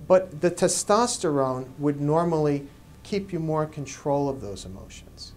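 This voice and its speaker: A man's voice: fairly high pitch, moderate pace, a little hiss or hum. Man explaining hormones, acting out quotes. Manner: animated, acts out quoted people. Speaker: medical expert. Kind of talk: explanatory interview.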